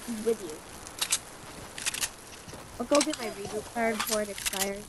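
A woman chatting casually with a teammate while playing a video game, excitedly calling out directions. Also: medium pitch, moderate pace, heavy background noise. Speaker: gamer.

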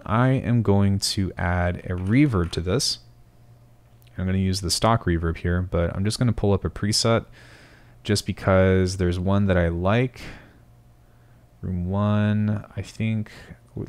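A young man teaching sound design in a screen-recorded tutorial, thinking aloud and often correcting himself. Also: sits low. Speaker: music production tutor.

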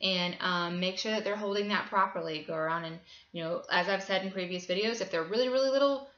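A woman's voice: mid-range voice, quick pace, a bit bright, echoey room, dull audio. A woman music teacher casually walking other teachers through a lesson plan, chatty with frequent ums. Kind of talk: tutor explaining a lesson plan.

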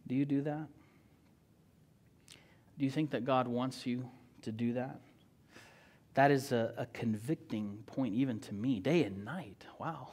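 Male pastor, sermon delivery, middle pitch, emphatic and conversational. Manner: emphatic, swings from loud declaring to quiet asides; conversational, with frequent "right?" and "you know".

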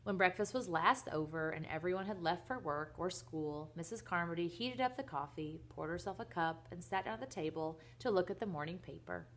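A woman's voice: on the low side, fairly quick, hardly any pauses, slight background noise. Woman reading a storybook aloud. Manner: gentle, with asides to listeners. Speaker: reader. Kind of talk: reading a children's book aloud.

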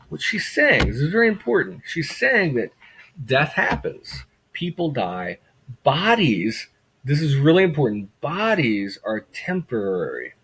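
A man's voice: fairly high pitch, huge pitch swings, a little slow, a bit bright, slightly rough, poor audio. A man lecturing a class in a conversational way, often repeating words for emphasis and asking rhetorical questions. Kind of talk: classroom lecture on a graphic novel.

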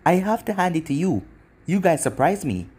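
A man's voice: fairly high pitch, big pitch swings, normal speed, darkish tone, breathy edge. A man voicing a cocky young male ninja hero in a read-aloud fan story, taunting and self-assured.

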